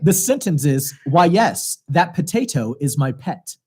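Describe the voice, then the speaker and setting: A man's voice: a little high, measured pace, husky. A man co-hosting a game segment at a church youth livestream, teasing and joking in casual banter. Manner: teasing, animated, jokey. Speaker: youth event co-host running a game.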